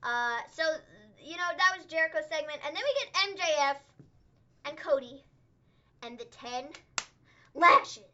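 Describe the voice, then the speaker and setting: Bright, excitable high-voiced woman. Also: unhurried, pauses often, highs cut off. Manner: excitable, chatty, lots of "like". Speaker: co-host. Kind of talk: casual livestream recap chat.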